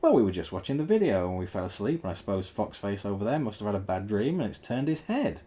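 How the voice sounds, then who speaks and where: A man's voice: on the low side, sing-song, fast, dark tone. A man voicing a pompous, fussy male pig who complains indignantly.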